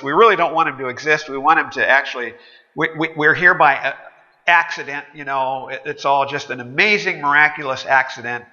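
A male pastor delivers a sermon in a relaxed, chatty, sardonic manner. His voice is fairly high and very bright. The sound is dull and carries the long reverb of a church hall. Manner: conversational, wry and sardonic. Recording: dull echoey hall recording.

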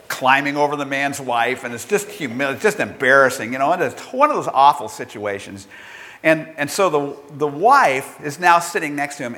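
A man's voice: medium pitch, pushed and bright. A male pastor preaching a sermon, telling a story and acting out its characters. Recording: long hall reverb.

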